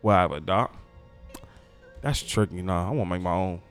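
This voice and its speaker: A man's voice: low voice, fairly quick, soft background music. A man co-hosting a podcast in casual chat, teasing and blunt. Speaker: podcast co-host.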